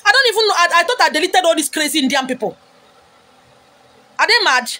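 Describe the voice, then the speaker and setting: A high-voiced middle-aged woman with a Nigerian accent, ranting straight to her vlog audience. She scolds and hurls insults, her voice jumping up into sharp, loud outbursts. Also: sing-song, fast. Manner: wears a wig on camera. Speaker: vlogger.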